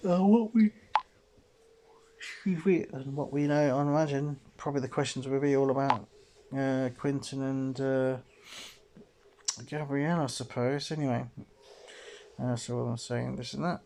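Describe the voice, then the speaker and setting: A man's voice: medium pitch, little pitch movement, normal speed, creaky, a little mellow, slight background noise. A man commenting on a video game he is playing, reacting under his breath and hedging with lots of "sort of" and "I suppose". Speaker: gamer. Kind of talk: let's play commentary.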